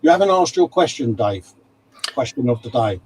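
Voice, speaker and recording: A man's voice: mid-range voice, sing-song, moderate pace, darkish tone, husky, low-quality recording. A man co-hosting a casual livestream chat, reading out viewer comments and calling everyone mate. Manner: chatty, calls everyone mate. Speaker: livestream co-host.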